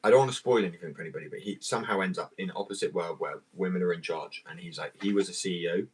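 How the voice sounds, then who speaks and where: A man's voice: sits low, racing, husky, low-quality recording. A man, chatting casually and rambling for a vlog, swearing freely and sounding drowsy and loose. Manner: rambling, sweary, laid-back. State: drowsy on muscle relaxant.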